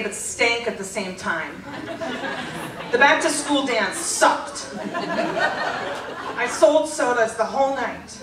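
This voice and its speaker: A woman reading her teenage diary aloud at a live stage show, deadpan and often breaking into laughter. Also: a little high, slow, long pauses, recorded from a distance, a loud crowd, heavy background noise. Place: theater stage before a laughing audience. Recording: roomy live theater recording with loud audience.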